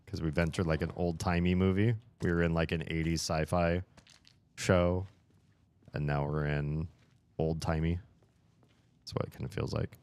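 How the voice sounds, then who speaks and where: A man's voice: low voice, little pitch movement, normal speed, long pauses, a little mellow, smooth, dry recording. A man playing a video game and commenting casually, with wry, chatty reactions. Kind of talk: casual let's-play commentary.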